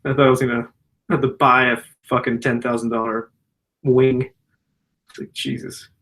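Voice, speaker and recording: A man's voice: mid-range voice, flat delivery, moderate pace, fairly bright tone. A man, a general surgeon, answering viewer questions in a loose, profane, casual way. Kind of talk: casual Q&A chat.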